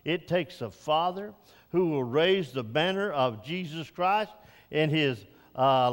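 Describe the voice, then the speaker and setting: An older male preacher delivers a sermon in a slightly high voice. He climbs to ringing, emphatic peaks and then eases into quiet, slow reflection. A long reverb from the church hall trails behind every phrase. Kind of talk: Father's Day sermon.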